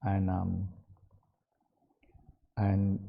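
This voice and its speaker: A man's voice: low-pitched, completely flat delivery, extremely slow, vocal fry. An older man who is not an English speaker tells stories in a casual workshop as a meditation teacher, in broken English and laughing often. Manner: non-native English, broken grammar, frequent laughs. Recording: dull lo-fi recording.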